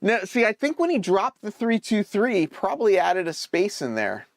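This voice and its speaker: A man hosting a casual live stream, thinking aloud as he troubleshoots and answers viewers' chat with hesitant, halting phrasing. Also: high-pitched, huge pitch swings, no room sound, clean studio sound. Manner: hesitant, many fillers and restarts.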